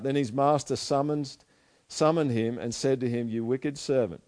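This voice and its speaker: A man preaching a conversational sermon, asking listeners questions and dropping into quiet asides. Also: mid-range voice, steady tone, normal speed. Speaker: pastor.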